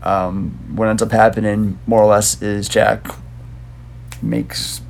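Laid-back man with a gravelly edge, rambling casual movie podcast host. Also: fairly low pitch, steady tone, takes it slowly, darkish tone, slight background noise. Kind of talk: casual movie review chat.

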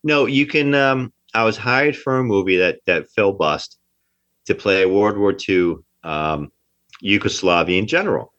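A man's voice: fairly low pitch, a little slow, a bit bright. A man from New Jersey, an actor being interviewed, talking emphatically and often repeating himself. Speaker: actor guest. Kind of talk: casual interview talk. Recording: dull lo-fi sound.

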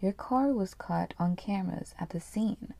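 A woman's voice: mid-range voice, unhurried, vocal fry, warm tone, no room sound. Woman reading as a cold, fed-up wife. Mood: firm. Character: firm fed-up wife cutting ties.

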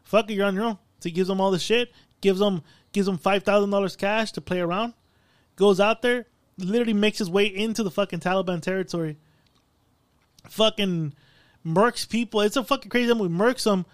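High-voiced man telling a story with lots of swearing. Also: fairly quick, dry recording. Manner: profane, animated storytelling. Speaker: podcast co-host. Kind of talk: casual chat, movie recap.

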